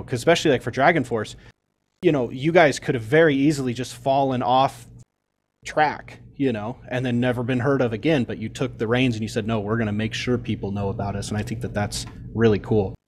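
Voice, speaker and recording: A man's voice: medium pitch, fairly quick, a little hiss or hum. A man hosting a casual interview, earnest and rambling, leaning on "you know" as he builds his point. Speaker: podcast host.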